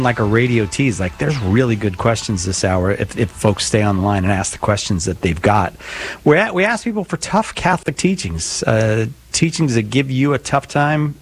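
A man hosting a call-in radio show, joking around and rambling with lots of fillers. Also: mid-range voice. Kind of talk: casual radio chat.

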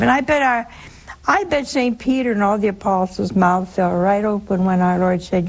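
Addressing broadcast listeners, an older religious speaker shares her talk through chatty storytelling punctuated by lively asides. She has a mid-range voice and a moderate pace, heard through a low-quality recording.

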